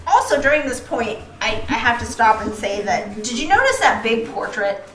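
A woman co-hosting a podcast, chatting and recapping a movie in an animated way, swearing freely. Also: fairly high pitch, moderate pace, reverberant, low-quality recording. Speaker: podcast co-host. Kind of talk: casual movie recap chat.

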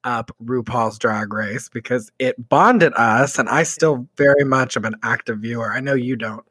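A man co-hosting a casual podcast, animated and theatrical as he tells stories and reacts. His voice sits at an ordinary middle pitch for a man. It is recorded dry and close, with no room sound around it. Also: husky, no room sound. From Mexico. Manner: animated, dramatic, quick to exclaim. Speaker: podcast co-host. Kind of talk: casual chat.

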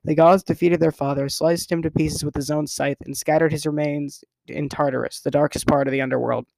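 A man voicing a stern, exacting male teacher who lectures in a measured, formal way. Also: fairly high pitch, steady tone, vocal fry, a little mellow, dry recording, rough recording. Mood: lecturing.

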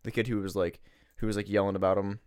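A young man with a fairly low voice chats casually for a podcast. He rambles with loads of fillers and curses, recorded on a close, dry microphone. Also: little pitch movement, quick pace, a little mellow, clear, resonant tone, no echo. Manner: rambling, filler-heavy, swears. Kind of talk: casual chat. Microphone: close podcast mic.

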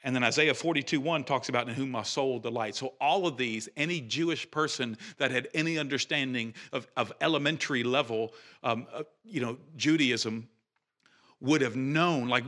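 A male pastor preaching with a bright, forceful voice. He talks in a loose, conversational way, backing up to rephrase, and pushes higher and louder when something excites him. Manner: animated, conversational preaching with restarts and rising emphasis. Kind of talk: sermon.

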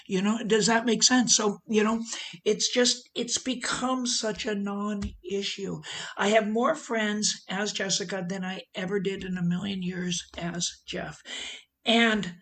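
A woman's voice: medium pitch, a little slow. A middle-aged woman from the United States talking casually to a group, telling personal stories with lots of fillers and asides. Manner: animated storytelling, many fillers and asides. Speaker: guest speaker. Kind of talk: casual talk to an audience.

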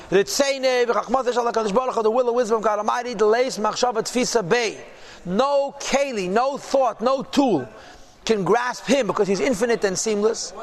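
A man teaching a daily Chassidic text class, reading phrases from the text and translating and explaining each one. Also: extremely high pitch. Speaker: Torah teacher.

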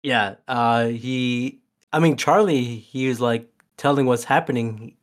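A man's voice: medium pitch, fairly even intonation, unhurried. A man casually recapping a movie with a co-host, rambling with many fillers and restarts. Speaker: podcast co-host. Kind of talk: casual movie rewatch chat.

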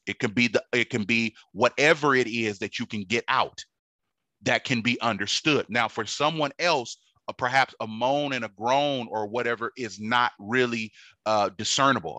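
A man's voice: mid-range voice, pushed and bright, dry recording. A man preaching a sermon in a conversational teaching manner, repeating phrases and checking in with his listeners. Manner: repetitive, conversational teaching with frequent check-ins.

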